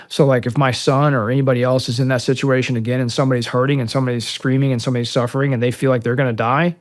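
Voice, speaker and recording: A middle-aged American man, a military veteran, telling war stories in a casual interview, with many fillers and acted-out dialogue. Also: mid-range voice. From United States. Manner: conversational, many fillers, acts out quoted dialogue.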